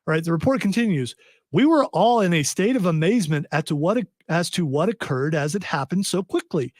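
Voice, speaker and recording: A man's voice: fairly high pitch, expressive, fairly quick, a little mellow, no echo, clean studio sound. A man hosting a casual podcast, reading a news story aloud with wry, joking asides. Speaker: podcast host.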